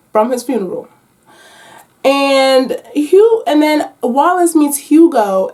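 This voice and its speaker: A woman book vlogger chatting casually and playfully with her viewers about her reading picks. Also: on the high side. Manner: chatty, animated, playful slang. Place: at home.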